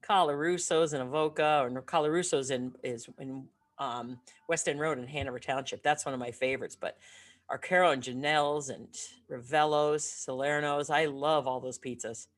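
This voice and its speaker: A woman from Northeastern Pennsylvania co-hosting a casual chat, chatty and quick to laugh. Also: rumbling low, steady tone. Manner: laughs often, chatty and nostalgic. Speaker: podcast co-host.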